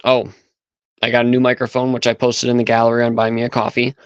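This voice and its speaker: A man's voice: medium pitch, monotone, fast, smooth, no room sound, dull audio. A man hosting a livestream in casual chat, talking aloud as he sets things up. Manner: chatty, thinks aloud while setting up. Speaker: livestream host.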